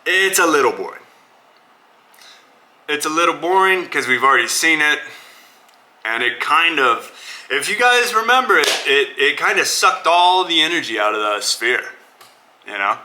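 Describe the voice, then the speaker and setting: A man's voice: on the high side, animated, moderate pace, pauses often, sharp tone, slight background noise, low-quality recording. A man hosting his own podcast, giving blunt, opinionated casual commentary and calling listeners brother. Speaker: podcast host. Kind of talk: casual solo commentary on fights.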